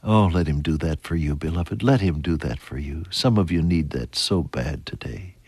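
An older man preaching a sermon, moving from hushed, near-whispered lines to lifted, emphatic ones. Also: extremely low pitch, moderate pace, husky, dry recording.

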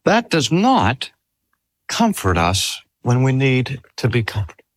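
An older man delivers a sermon with a strongly rising and falling voice. He draws out key phrases slowly and poses earnest rhetorical questions. His voice is recorded dry, with little room sound. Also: mid-range voice, huge pitch swings, no echo. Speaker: preacher. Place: talk at a cancer hospital.

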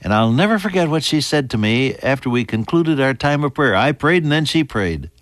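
An older man preaching a sermon, earnest, dropping to a hush and then rising to emphatic peaks. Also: mid-range voice, animated, a little fast, no room sound, clean studio sound.

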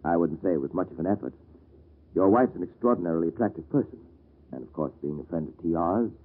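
A man playing a suave, quick-talking lawyer. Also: low-pitched, expressive, slightly rough. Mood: wry. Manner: dry, teasing, self-assured. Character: suave, wry male lawyer, a major. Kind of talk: old-time radio drama acting. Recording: lo-fi vintage radio recording.

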